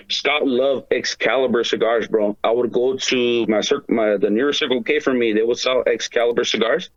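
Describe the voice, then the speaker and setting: A man chats loosely as a podcast guest, rambling through stories full of slang, swearing and filler words. His voice sits at an ordinary pitch. The recording is dry and a little dull. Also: fairly even intonation, moderate pace, few pauses, no room sound. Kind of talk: casual chat.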